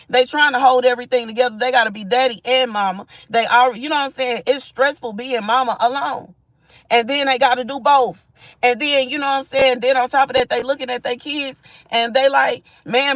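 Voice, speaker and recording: A woman's voice: high voice, a bit bright, no echo. Emphatic woman preaching on a livestream. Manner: emphatic, repetitive, with frequent "you know what I'm saying"; reads and thanks viewers from chat. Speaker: livestream host giving spiritual messages. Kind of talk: impassioned spiritual livestream talk.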